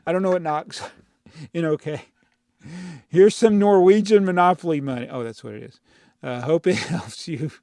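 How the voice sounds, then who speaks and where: A man's voice: a little high, lively intonation, unhurried, creaky, pauses often, a little mellow, no room sound. A man hosting a channel, answering viewer comments in a rambling, exasperated way that often breaks into laughs, speaking into a clip-on mic in a home studio. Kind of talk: casual chat. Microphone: clip-on mic inside a brick-built housing.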